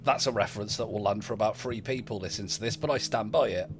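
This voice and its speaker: A man's voice: on the low side, fast talker, music in the background. A man playing a tabletop game, making offhand jokes. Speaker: player.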